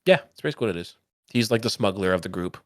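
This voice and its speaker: A man co-hosting a casual podcast, ranting in profane, animated bursts. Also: fairly low pitch, very fast, no room sound, studio quality. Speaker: podcast co-host.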